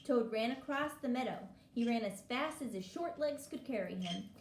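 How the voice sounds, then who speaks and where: A woman reads a children's storybook aloud in a gentle, clear manner. Her voice sits a little high. The room adds echo, and a faint hiss runs underneath. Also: expressive, normal speed. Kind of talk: reading a picture book aloud.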